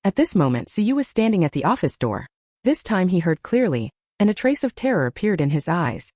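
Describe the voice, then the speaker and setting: A woman's voice: lowish voice, sing-song, fairly quick, dark tone, dry recording, studio quality. A woman narrating a romance novel in a scripted storytelling manner.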